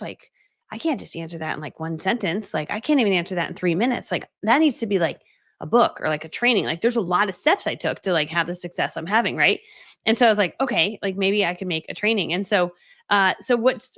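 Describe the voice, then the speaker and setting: A middle-aged woman coach telling a story in a casual, animated way, full of "like" and "right?". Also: mid-range voice. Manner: animated, dramatic retelling with many "like"s and "right?". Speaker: online course creator and coach.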